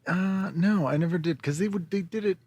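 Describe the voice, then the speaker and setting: A man who is a comedian and podcast guest, trading dry deadpan quips in casual chat. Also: high voice, brisk, slight background noise.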